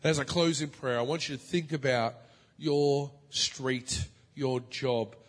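A man preaching a sermon in a church, telling a story in a lively way, rising to loud, high outbursts and dropping to soft, low asides. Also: measured pace. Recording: long reverb of a large hall.

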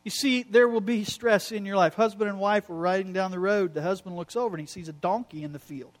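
A middle-aged male pastor delivering a sermon with a notably high voice. He tells stories with animated energy and drops into quoted lines of dialogue. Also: a little fast. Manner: animated storytelling preacher with quoted asides.

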